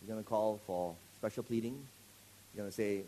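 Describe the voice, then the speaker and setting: A man preaching a sermon, animated and joking, quizzing his congregation with questions. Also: lowish voice, brisk.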